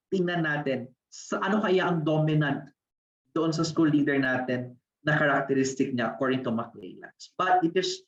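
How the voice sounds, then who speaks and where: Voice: mid-range voice, dull audio. Filipino-accented lecturer, distant roomy webinar audio. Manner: explanatory, poses rhetorical questions. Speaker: webinar presenter. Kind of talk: academic lecture.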